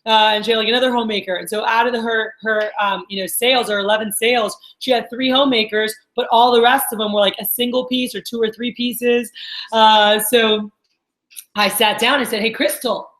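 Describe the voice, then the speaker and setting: A woman's voice: on the high side, fairly even intonation, brisk, fairly bright tone, echoey room, low-quality recording. A woman training a sales team, talking in an upbeat coaching way and often checking in with her listeners. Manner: upbeat, coaching, lots of "all right?" check-ins. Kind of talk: training talk to a group.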